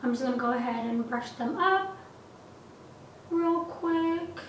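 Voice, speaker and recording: A woman's voice: high-pitched, lively intonation, unhurried. A young woman narrating a makeup tutorial in a chatty, upbeat, gushing way, recorded in a small apartment. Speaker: makeup vlogger. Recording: echoey room, distant mic, faint hiss.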